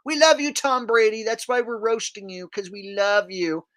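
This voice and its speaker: A man's voice: sits high, lively intonation, moderate pace, fairly bright tone, voice pushed up. A man mocking a fawning male roast comedian, with a sing-song, gushing delivery.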